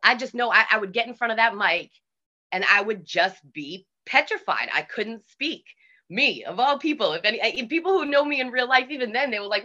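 A woman with a Boston accent, a DJ telling stories in a casual interview, animated and swearing freely. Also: medium pitch, moderate pace, muffled recording. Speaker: DJ guest.

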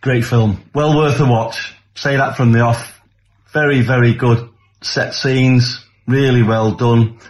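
An older man talks through a film in a plain, good-humoured way. He speaks at an ordinary pitch and sounds relaxed and unhurried. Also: lo-fi sound. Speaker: guest reviewer. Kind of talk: casual film review.

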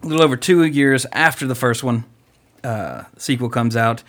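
A man's voice: medium pitch, moderate pace, fairly bright tone. A man hosting a movie podcast, chatting casually and joking, with a lot of fillers and asides. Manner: loose, joking, rambling with frequent fillers. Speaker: podcast host.

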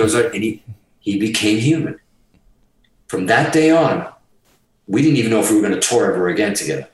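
Profane, animated man telling stories. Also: on the low side, fast talker, pauses often, echoey room, far from the mic, rough recording. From Massachusetts. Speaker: guest guitarist. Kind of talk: casual storytelling interview.

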